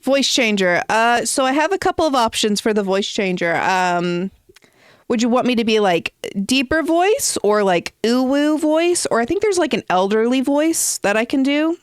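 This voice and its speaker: A woman's voice: on the high side, expressive, moderate pace, clear, resonant tone, no echo, clean studio sound. A woman streamer chatting casually while playing, thinking aloud with hesitant ums. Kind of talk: casual gameplay stream chat.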